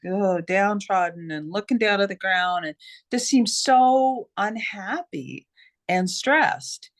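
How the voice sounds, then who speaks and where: A middle-aged woman, an interview guest, telling a personal story in an animated way with many restarts. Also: mid-range voice. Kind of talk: casual storytelling.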